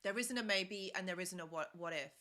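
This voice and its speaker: A young woman talks through a live stream in a bright, clear voice. She gives earnest advice, circles back over her points and speaks casually to her viewers. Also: fairly low pitch, brisk. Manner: earnest, repetitive, reads comments aloud. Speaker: live stream host, relationship advisor.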